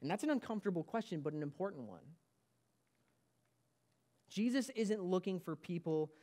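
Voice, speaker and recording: A man's voice: high voice, lively intonation, normal speed, dark tone. A man preaching a sermon as pastor of a church, emphatic and repeating his key points.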